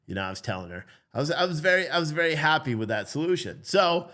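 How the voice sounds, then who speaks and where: A man who is a father, telling a story in a casual, animated way, blunt and swearing, acting out the voices in it. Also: fairly high pitch, fast talker. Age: adult father. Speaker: vlogger.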